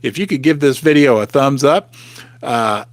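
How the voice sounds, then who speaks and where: A man hosting a casual livestream, chatting with viewers and reading their comments aloud, with animated outbursts. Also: mid-range voice, normal speed, no room sound. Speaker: livestream host.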